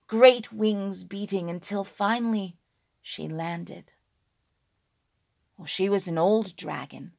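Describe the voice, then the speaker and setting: A woman telling a dragon folk tale slowly and dramatically, dropping to a hush and rising on key words. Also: mid-range voice, vocal fry. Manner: slow, hushed and dramatic, with sudden loud words. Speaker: storyteller.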